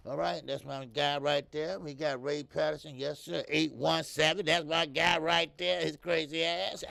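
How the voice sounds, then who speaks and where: Hosting a live boxing talk stream, this middle-aged Midwestern American chats loosely and profanely, laughing, reading comments and addressing viewers directly. His fairly high, bright, forceful voice has vocal fry, a steady tone, moderate pace and few pauses, with no room sound.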